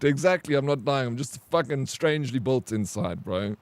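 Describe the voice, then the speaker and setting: A man's voice: mid-range voice, expressive, moderate pace, dry recording. Swearing streamer man, says "bro" a lot. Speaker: live streamer. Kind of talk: casual live-stream storytelling.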